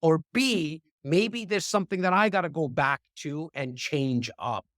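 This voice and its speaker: A man speaking as a podcast guest in a casual, animated conversation, often repeating words as he talks. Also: a little high, a little slow, dry recording, clean studio sound. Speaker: real estate investor and speaker. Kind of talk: casual interview chat.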